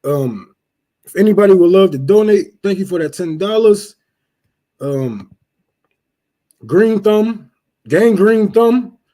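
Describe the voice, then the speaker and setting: A young man hosting a casual livestream, cursing loudly and laughing as he rants and thanks donors. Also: high voice, animated, slow pace, long pauses. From Detroit. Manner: profane, loud, laughing rants. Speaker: livestream host.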